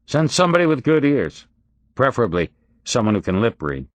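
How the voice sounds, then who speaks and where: A man's voice: medium pitch, very animated, a little fast, dry recording, voice pushed up, natural voice. A man voicing a grim male police detective who gives curt, urgent orders.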